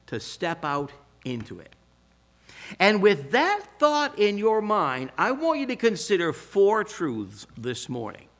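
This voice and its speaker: An older man preaching a sermon, telling stories with emphatic, animated delivery. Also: sits high. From Pacific Northwest US. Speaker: pastor.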